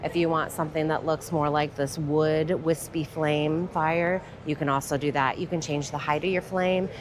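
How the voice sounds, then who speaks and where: A woman exhibitor giving a confident, fluent sales pitch for a fireplace. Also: steady tone, normal speed, crowd noise. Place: busy expo hall.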